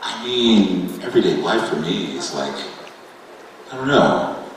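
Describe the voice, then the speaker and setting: A man's voice: deep voice, animated, a little slow, a little hiss or hum. A man, a voice actor guest, chatting animatedly and laughing often during a convention panel Q&A. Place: convention hall stage. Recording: echoey convention hall, mic from a distance.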